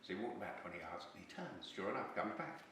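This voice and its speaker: A man doing stand-up, telling joke after joke in a chatty way and jumping higher in pitch to act out the people in them. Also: lively intonation, fast talker, a bit bright, a little hiss or hum. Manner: chatty, filler-heavy, pitches up to act out quoted lines. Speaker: stand-up comedian. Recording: echoey room, mic at a distance.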